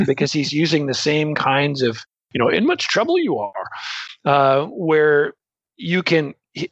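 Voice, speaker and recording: Husky-voiced man teaching Greek, chatty. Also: medium pitch, no echo, lo-fi sound. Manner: explains with everyday analogies, loose and chatty. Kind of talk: conversational teaching talk.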